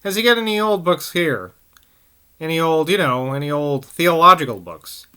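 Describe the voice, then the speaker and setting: A man voicing an earnest young man who speaks politely and haltingly, in a novel reading. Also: fairly high pitch, lively intonation, sharp tone, clear, resonant tone, voice pushed up.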